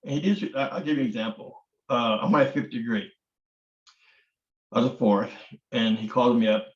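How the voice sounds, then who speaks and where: A man's voice: mid-range voice, normal speed, pauses often. Blunt older man telling stories, roomy sound. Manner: blunt, swears casually, acts out quoted dialogue. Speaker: martial arts grandmaster. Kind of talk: candid storytelling interview. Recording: roomy, dull lo-fi audio.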